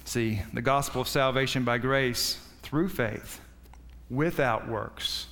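A man preaching a sermon with passion, his voice swinging between loud high peaks and low quiet stretches. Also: a little slow, long reverb tail. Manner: impassioned, rising and falling in pitch and volume.

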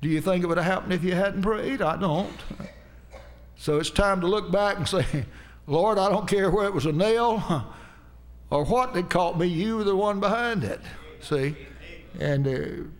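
A man's voice: a little high, gravelly. A man preaching a folksy sermon, telling homespun stories and calling out amen to the congregation.

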